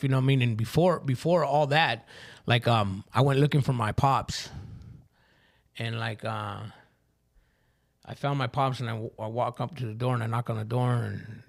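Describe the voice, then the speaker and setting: A man's voice: mid-range voice, moderate pace, gravelly. A man telling his recovery story as a podcast guest, in rambling street slang full of swearing. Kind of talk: personal recovery story in casual talk.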